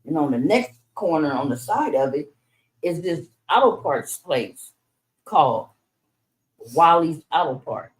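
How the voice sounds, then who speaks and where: Speaking at a measured pace, this woman has a low voice with big pitch swings, captured in poor audio. She's middle-aged and frankly recounting her life to her son in conversation, restarting frequently as she goes.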